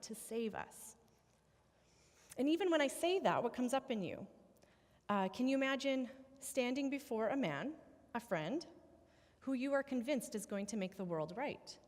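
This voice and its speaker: Woman preaching in a reverberant church. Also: mid-range voice. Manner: conversational, reflective, many fillers and restarts. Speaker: pastor. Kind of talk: sermon. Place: church sanctuary.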